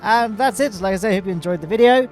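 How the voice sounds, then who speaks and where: A man's voice: high voice, fast talker, darkish tone, faint music behind. A man in his thirties giving casual, wry let's-play commentary, explaining as he plays. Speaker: gaming YouTuber.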